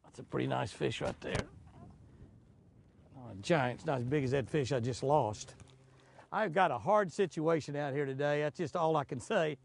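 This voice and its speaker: A man with a very gravelly, raspy voice pitched a little high narrates his fishing from a boat out on a lake. He exclaims over every fish, chuckles often, and talks to himself as he goes. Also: normal speed, dry recording. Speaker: fishing show host. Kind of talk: excited fishing commentary.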